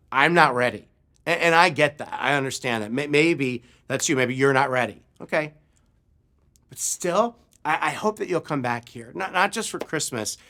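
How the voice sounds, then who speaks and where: A man preaching a sermon, telling a personal story with animated delivery and acted-out shouts. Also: medium pitch. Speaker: pastor.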